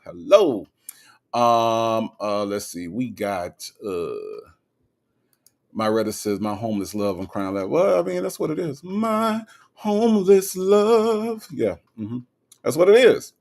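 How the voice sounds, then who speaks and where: Sassy man with a lively voice. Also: on the low side. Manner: playful, sassy, teasing. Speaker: livestream host reading chat. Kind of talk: casual livestream chat.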